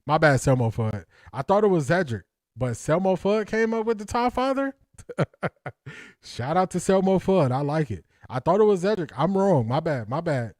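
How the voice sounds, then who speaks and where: A man's voice: on the high side, sing-song, moderate pace, a little mellow, dry recording, clean studio sound. A man hosting a casual live stream, reading comments aloud, laughing often and repeating catchphrases in slangy talk. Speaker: host.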